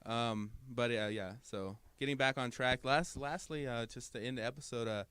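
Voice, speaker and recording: A man's voice: mid-range voice, normal speed, fairly bright tone, smooth, no echo. A man co-hosting a casual podcast chat, hesitant and full of fillers and restarts, laughing easily. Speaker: podcast co-host.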